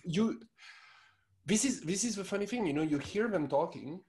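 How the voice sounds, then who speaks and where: A man in his thirties from France with a French accent, co-hosting a podcast in an animated, laughing rant. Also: sits high, moderate pace. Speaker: podcast co-host. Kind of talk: casual chat.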